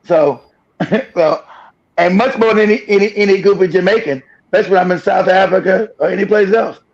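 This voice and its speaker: Man, high gravelly voice, blunt, profane, streaming host, dull lo-fi audio. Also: brisk. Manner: blunt, profane, laughing often. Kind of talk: reaction commentary.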